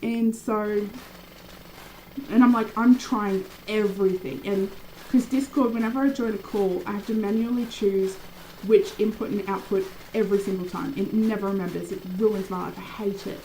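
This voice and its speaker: A young adult woman streaming a game, chatting casually with viewers by name and rambling through animated stories. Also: mid-range voice, normal speed, slight background noise, rough recording. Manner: animated, rambling storytelling with many fillers. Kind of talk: casual live-stream chat.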